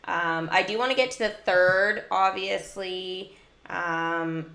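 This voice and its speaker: A woman's voice: fairly low pitch, fairly even intonation, slow, pushed and bright, reverberant. A woman livestreaming a mobile game, talking casually and giggling often, with many "like" fillers. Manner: chatty, giggly, heavy use of "like". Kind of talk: casual gameplay livestream chat.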